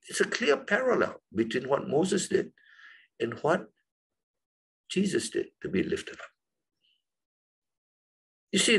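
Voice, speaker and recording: A man teaching a Bible lesson to a class, emphatic and questioning, jumping up high to stress key words. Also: breathy edge, rough recording.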